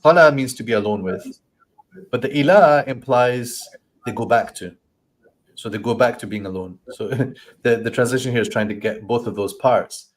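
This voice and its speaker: A man teaching a Quran study session, explaining verses with thoughtful pauses and reciting Arabic lines quickly. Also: mid-range voice. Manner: thoughtful, stops to search for words, acts out voices in quoted lines.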